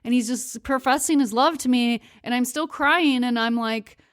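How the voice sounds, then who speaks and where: A woman's voice: on the high side, normal speed, dry recording, studio quality. Candid woman telling her own story. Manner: candid, confessional, laughs between words. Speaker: podcast host. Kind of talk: personal storytelling.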